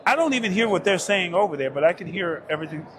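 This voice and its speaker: A man's voice: high-pitched, expressive, quick pace, slight background noise. A man hosting a tech show, enthusiastically interviewing an exhibitor on a busy trade show floor. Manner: enthusiastic, hyped-up. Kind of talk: casual on-the-floor product interview. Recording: loud crowd chatter behind.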